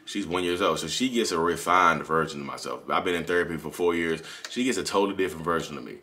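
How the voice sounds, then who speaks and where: A man in his thirties talks to camera in a candid, rambling confessional. His voice sits very low but sounds bright and forceful. He moves at a quick clip and keeps circling back to fix his own timeline. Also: a little hiss or hum. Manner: candid, rambling, self-correcting. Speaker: channel host. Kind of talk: confessional monologue.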